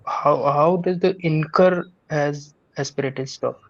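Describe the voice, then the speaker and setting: A man's voice: on the high side, takes it slowly, highs cut off. A man, a student, asking his teacher questions politely and a bit hesitantly over an online call. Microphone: video call.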